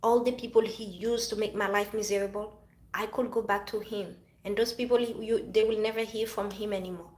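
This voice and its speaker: A woman's voice: medium pitch, fairly even intonation, brisk, darkish tone. Emphatic woman from Haiti in echoey room. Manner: emphatic, preachy, repeats herself. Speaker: vlogger. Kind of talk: personal talk to camera.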